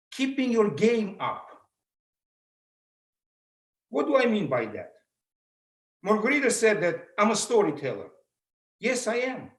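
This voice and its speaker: A middle-aged man with a heavy Russian accent gives an animated motivational talk, his fairly high voice swinging widely in pitch. He acts out the lines he quotes. The sound carries an echoey room. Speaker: motivational speaker. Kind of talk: public speaking talk.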